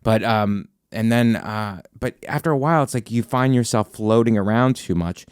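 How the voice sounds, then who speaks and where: Male podcast host, stand-up comic, low voice, starts and restarts his sentences, dry close mic. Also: moderate pace, darkish tone, smooth, no room sound. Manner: rambling, self-interrupting, sarcastic. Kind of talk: casual podcast chat.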